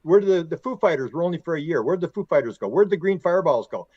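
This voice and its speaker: Fast-talking rambling male storyteller. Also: on the high side, breathy edge, no echo, muffled recording. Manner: animated, rambling storyteller who acts out quotes. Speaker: podcast guest, author. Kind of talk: casual conversational storytelling.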